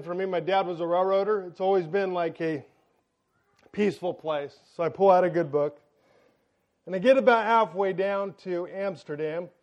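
High-voiced man telling a story. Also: dull audio. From United States. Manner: animated storyteller, talks to the audience directly. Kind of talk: storytelling sermon to a congregation.

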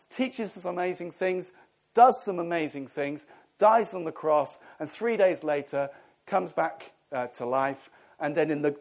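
Lively, joking middle-aged pastor. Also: male voice, a little high. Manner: conversational, humorous, animated preaching. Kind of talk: sermon.

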